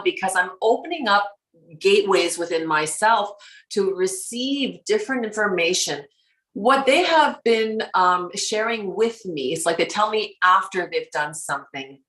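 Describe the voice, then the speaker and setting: Woman, lower voice, casual spiritual chat, acts out dialogue, laughs often, echoey room. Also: normal speed. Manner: animated storyteller, acts out quoted exchanges, laughs often. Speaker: spiritual guide and guest. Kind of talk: casual conversation. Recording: roomy echo.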